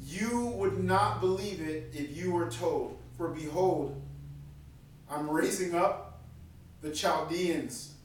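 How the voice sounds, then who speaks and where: Animated male preacher, high voice, boomy hall sound. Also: takes it slowly, slight background noise. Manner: animated, acts out voices of God and prophets. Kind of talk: sermon. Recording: echoey room from far off.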